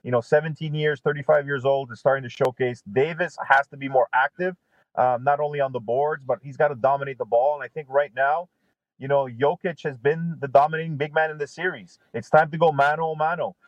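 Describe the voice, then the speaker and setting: A male basketball analyst talks in short, emphatic bursts, his voice a touch high. He comes through a dull, dry remote connection with no room sound at all. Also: fairly even intonation, fairly quick, no room sound. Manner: emphatic, punchy short phrases. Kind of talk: sports talk analysis.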